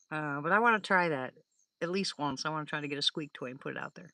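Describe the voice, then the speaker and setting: A woman's voice: sits low, lively intonation, brisk, bright, forceful tone, dry recording. An older woman hosting a live stream, rambling through stories in casual chat with her viewers, laughing often. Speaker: livestream host.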